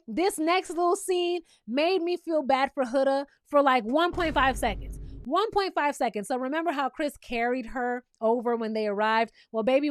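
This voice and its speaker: A woman's voice: high-pitched, dry recording, studio quality. A woman hosting a reality TV recap, talking in a sassy, blunt, teasing way with casual, opinionated commentary.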